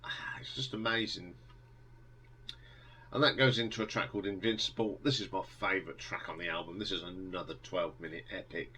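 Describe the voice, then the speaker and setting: A man's voice: deep voice, bright, forceful tone, slightly rough, low-quality recording. A man talking casually as he ranks a band's albums, rambling with many ums and restarts, enthusiastic. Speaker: music reviewer. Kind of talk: casual album review monologue.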